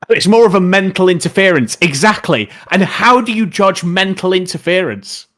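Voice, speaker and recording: Chatty streamer talking football. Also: male voice, high-pitched, normal speed, fairly bright tone. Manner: rambling, opinionated football talk, reading out chat questions. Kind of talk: casual live-stream chat.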